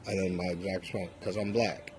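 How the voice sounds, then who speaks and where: A man's voice: low voice, steady tone, fast talker. A man in casual chat, emphatic and opinionated, swearing freely. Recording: background noise.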